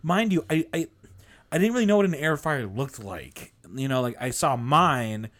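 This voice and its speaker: A man's voice: fairly high pitch, expressive, normal speed, a bit bright. Laughing, rambling male podcast host. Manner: rambling storyteller, swears and laughs a lot. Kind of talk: casual podcast chat.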